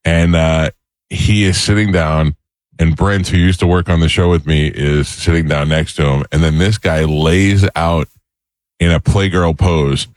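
Talk radio host, male, middle-aged, very low voice, dry close mic, rambling comic storyteller. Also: steady tone, unhurried, no echo. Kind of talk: casual talk radio banter.

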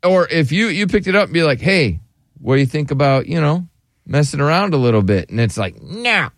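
Animated joking male talk host. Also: on the high side, brisk, dry recording, clean studio sound. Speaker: radio show host. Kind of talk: casual talk show banter.

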